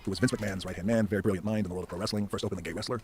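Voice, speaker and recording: A man in his fifties, a podcast guest telling stories in a casual chat, animated and swearing freely. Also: on the low side, very fast, noisy background.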